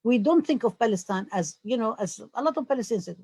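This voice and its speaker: A scholar holds the floor on a discussion panel. The voice is husky and close, with no room sound. The delivery stumbles over fillers, then turns firm and emphatic. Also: medium pitch, big pitch swings, quick pace, hardly any pauses, a little mellow, dry recording.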